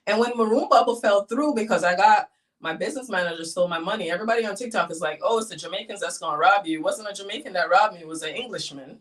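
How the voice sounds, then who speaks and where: A middle-aged woman from the United States, a guest in a casual interview, telling her story with lively acted-out quotes. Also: mid-range voice, quick pace, far from the mic. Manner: animated storyteller, acts out quotes.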